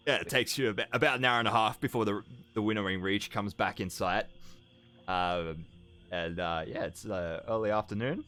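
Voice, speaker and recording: A man narrating a tabletop game as game master, halting with fillers and quick laughs. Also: fairly low pitch, sharp tone, clean tone.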